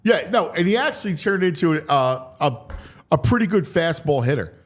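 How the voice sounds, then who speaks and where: A man's voice: a little high, animated, normal speed. A man hosting a sports talk radio show, chatting casually with many stumbling restarts. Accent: Philadelphia.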